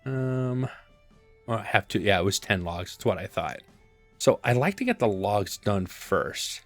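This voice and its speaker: A man casually commenting on his gameplay, thinking aloud with relaxed fillers. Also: fairly low pitch, unhurried, soft background music. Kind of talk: casual let's-play commentary.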